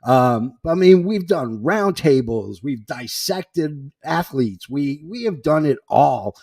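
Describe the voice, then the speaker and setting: An upbeat, chatty man from Boston hosting a podcast. His voice sits a bit high, and he reads listener messages aloud in a relaxed, friendly way. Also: slow pace, husky, dry recording, clean studio sound. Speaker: podcast host. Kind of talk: casual chat.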